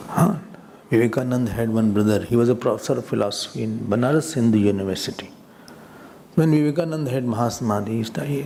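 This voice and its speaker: A man's voice: mid-range voice, slight background noise. A man with an Indian accent giving a spiritual talk to a live audience, teasing listeners and laughing between points. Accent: Indian English. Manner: lively storyteller who acts out quoted voices. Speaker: swami teaching scripture.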